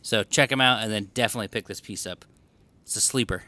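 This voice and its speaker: A man's voice: lowish voice, fast talker, sharp tone, dry recording. A young man co-hosting a casual podcast recorded in a record store, laid-back, swearing freely and often laughing. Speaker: podcast co-host. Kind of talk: casual chat.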